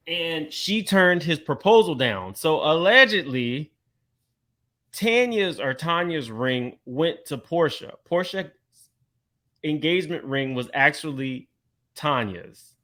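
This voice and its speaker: A man hosting a casual reality-TV gossip commentary, chatty and quick to laugh, talking straight to his viewers. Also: fairly high pitch, a bit bright. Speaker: commentary channel host.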